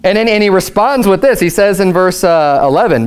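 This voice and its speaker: A male pastor giving a sermon in a conversational, animated storytelling way. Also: high voice, a little fast, few pauses.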